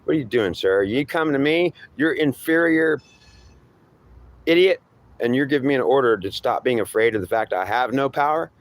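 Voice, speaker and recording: A man's voice: medium pitch, lively intonation, moderate pace, pitched above the performer's own voice, lightly acted. A man voicing a frightened, powerless male underling who pleads and rambles indignantly at his superior. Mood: fearful, indignant.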